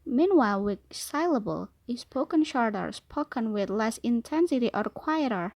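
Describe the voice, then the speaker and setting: A young woman from Indonesia, a student presenting a lesson and reading definitions aloud, carefully slowing to repeat key points. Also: a little high, animated, darkish tone, no room sound. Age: young adult. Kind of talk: read-aloud explanatory lesson.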